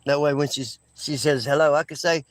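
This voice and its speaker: Chill guy rambling on his stream, laughs a lot, kinda high voice, dry close mic. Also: fairly even intonation, a little fast, no room sound. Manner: rambling and laid-back, laughs often, restarts sentences. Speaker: livestream host. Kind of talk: casual livestream chat with viewers.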